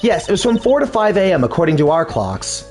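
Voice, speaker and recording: A man puts on a lazy young flight attendant woman who sounds half asleep. She drawls her words, pads them with filler, and lets her pitch wander loosely. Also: very animated, fairly quick, a little mellow, soft background music.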